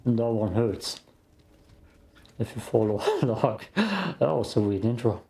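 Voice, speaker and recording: A man's voice: mid-range voice, very animated, unhurried, gravelly, mellow. A man hosting a let's play, giving casual gaming commentary with joking, rambling asides to his viewers.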